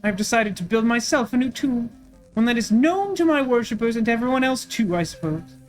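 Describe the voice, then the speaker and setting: A woman's voice: fairly high pitch, lively intonation, brisk, faint music behind, natural voice. A woman voicing a vain, haughty ancient queen who has become a vengeful cyber ghost, declaiming grandly. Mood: grandiose. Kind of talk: voicing game characters.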